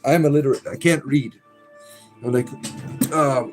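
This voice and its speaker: With a fairly high-pitched, slightly mellow voice at normal speed, a man reads viewer comments aloud on his casual livestream. His wry remarks and muttered asides come over faint background music.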